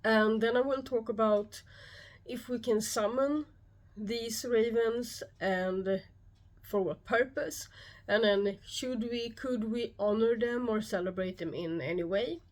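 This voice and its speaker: A woman with a Swedish accent, a YouTube host talking alone to camera, calm and measured, often pausing. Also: on the high side. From Sweden. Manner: calm, measured explaining with frequent pauses. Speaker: YouTube host and shamanic practitioner. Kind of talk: solo explanatory talk to camera.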